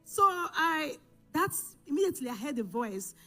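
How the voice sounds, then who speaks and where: Lady testifying at church, high voice, keeps restarting, faint music behind. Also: big pitch swings, bright, forceful tone. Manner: halting storytelling with restarts and self-corrections. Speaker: church member giving testimony. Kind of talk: emotional personal testimony. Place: church service.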